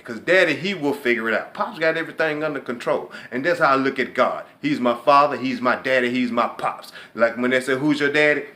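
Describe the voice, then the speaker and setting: A man hosts his own show, delivering a conversational, preachy talk about faith and motivation. When he voices his inner thoughts, he drops to a low hush.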